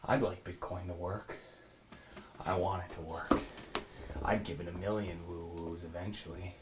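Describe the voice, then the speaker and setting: A man playing a brash, profane finance show host in an improvised comedy monologue, rambling and boastful, swinging between loud laughing shouts and low mutters. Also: fairly even intonation, moderate pace, background noise, natural voice.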